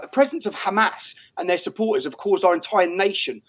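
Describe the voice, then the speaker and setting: A man's voice: high-pitched, sing-song, brisk, slightly rough. A middle-aged British man speaking in a heated interview, indignant and emphatic, often repeating himself. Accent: British English. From England. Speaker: guest.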